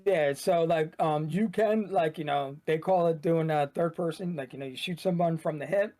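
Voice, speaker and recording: Casual higher-voiced man rambling loosely. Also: normal speed, dark tone, faint music behind. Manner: loose, rambling, heavy use of "like". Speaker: esports shoutcaster and guest. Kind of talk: casual podcast chat.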